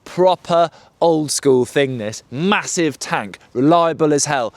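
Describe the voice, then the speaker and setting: A man's voice: a little high, animated, slow pace, creaky, no echo. A British man chatting to camera about his motorbike, jokey and full of slang and banter. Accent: British English. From United Kingdom. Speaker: motorbike vlogger. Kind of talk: casual chat to camera.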